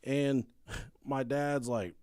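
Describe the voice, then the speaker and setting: A man co-hosting a podcast, telling a story in a casual, animated way, laughing and swearing freely. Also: medium pitch, extremely slow, clean tone, no room sound, clean studio sound. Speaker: podcast co-host.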